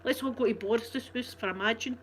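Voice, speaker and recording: A woman's voice: on the high side, a little fast, a little hiss or hum. A woman with a Glasgow accent chatting casually with her live viewers, rambling and laughing often. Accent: Scottish, Glasgow. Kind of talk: casual live-stream chat.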